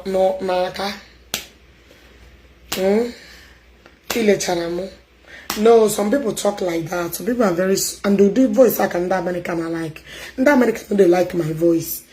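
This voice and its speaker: A Nigerian woman with an Igbo accent chatting loudly and emphatically as a stream host, mixing English and Igbo. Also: mid-range voice, a little hiss or hum, low-quality recording. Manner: loud, emphatic talker.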